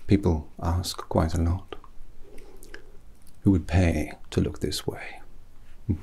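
A man voicing an eccentric, rambling British hat maker with a British accent in whispered role-play, soft and breathy, pompous and full of puns. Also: deep voice, steady tone, takes it slowly, exaggerated voice. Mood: fussy. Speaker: milliner.

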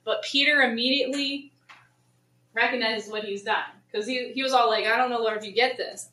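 A woman's voice: a little high, a little fast. A woman leading a casual Bible study for a church group, chatty and acting out the people in the story. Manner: chatty, paraphrases in lively voices. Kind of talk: casual Bible teaching to a congregation. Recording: roomy church hall, mic at a distance.

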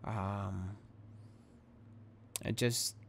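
A man's voice: fairly low pitch, fairly even intonation, very slow, vocal fry, husky. A young man who hosts a gaming channel, talking straight to his viewers in a rambling, shaken but earnest way as he vents. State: rattled. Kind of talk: casual direct-to-camera vent.

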